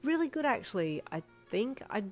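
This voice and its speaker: A woman reading a fan story aloud, voicing a lively, cheeky teenage schoolgirl who talks brightly. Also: fairly high pitch, moderate pace, faint music behind, voice pushed up.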